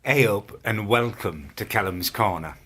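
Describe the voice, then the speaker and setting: Man, low husky voice, mocking casual rant. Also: measured pace, bright, forceful tone. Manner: mocking, incredulous, laughing at the subject. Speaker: YouTuber reacting to a video about him.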